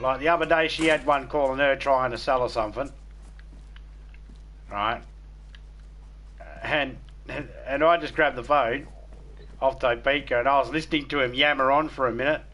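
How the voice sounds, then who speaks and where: An Australian man chats casually while streaming a game, telling stories in a crude way with heavy swearing. His voice is mid-range with a sharp tone.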